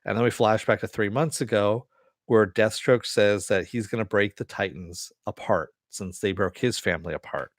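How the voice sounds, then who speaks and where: A man's voice: on the low side, normal speed, no echo, studio quality. A man casually retelling a TV episode in a rambling way, full of fillers. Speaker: TV show reviewer.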